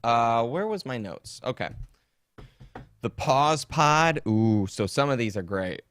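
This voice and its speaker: A man with a lowish, expressive voice speaks at a moderate pace. As a podcast host on a desktop streaming setup, he chats casually, joking, rambling and mocking.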